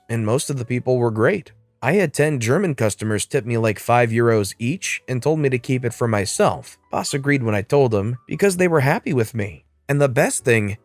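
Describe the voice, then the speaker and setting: A man's voice: mid-range voice, no room sound. A man narrating stories for an online channel and speaking directly to his viewers. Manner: reads stories aloud and addresses viewers. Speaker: Reddit story narrator. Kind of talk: scripted story narration.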